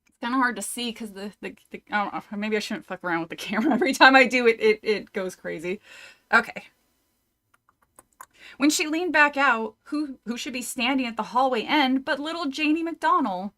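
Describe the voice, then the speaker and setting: A woman's voice: fairly high pitch, expressive, fairly quick, fairly bright tone. Chatty woman reading horror aloud. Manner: laughs often, wanders into tangents, swears casually. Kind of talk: casual read-through with chat.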